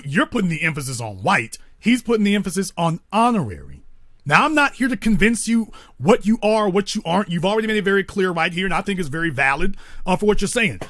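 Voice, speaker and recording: A man's voice: high voice, pushed and bright, no room sound, clean studio sound. A man hosting a call-in talk show, lecturing a caller in an emphatic, pointed way. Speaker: host.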